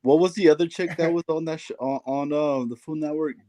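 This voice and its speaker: A man's voice: fairly high pitch, steady tone, fairly quick, warm tone, no room sound. A man on a livestream panel in casual sports chat, talking in a laid-back, slangy and profane way. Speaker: guest panelist.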